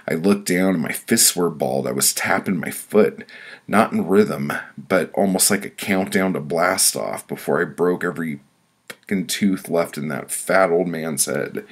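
Low gravelly man reading his own story. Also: a little slow. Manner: blunt and profane, building frustration in the telling. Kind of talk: first-person prose reading.

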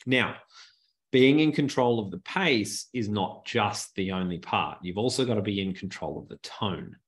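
Lively low-voiced man teaching a webinar. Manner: animated, varies pace and pitch deliberately. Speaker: presentation skills trainer. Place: home office desk, sitting back. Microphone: good desk microphone.

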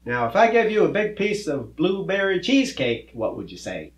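A folksy, good-natured cowboy teacher in a children's comedy skit, his voice fairly high and very lively. He explains patiently and cracks corny jokes, with a roomy echo around him. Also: normal speed. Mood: friendly.

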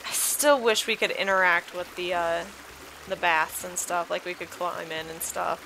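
With a fairly low, steady voice at a moderate pace, a drowsy woman effusively exclaims over sights on a game island she's touring on video. Background music plays amid a noisy backdrop as she chats through the gameplay.

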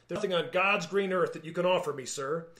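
A man's voice: high-pitched, fairly quick, fairly bright tone. A man doing a grumpy scoffing old man. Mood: scornful. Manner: growling, scornful.

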